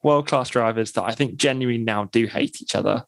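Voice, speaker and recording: A man's voice: medium pitch, brisk, creaky, dry recording, rough recording. A man co-hosting a podcast in casual chat, talking things through in thoughtful, longer runs. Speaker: podcast co-host.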